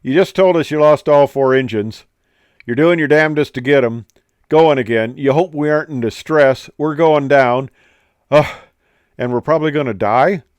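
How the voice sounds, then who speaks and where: A man's voice: a little high, normal speed, no room sound, pitched above the performer's own voice, natural voice. A man voicing panicked, exasperated airline passengers reacting in disbelief.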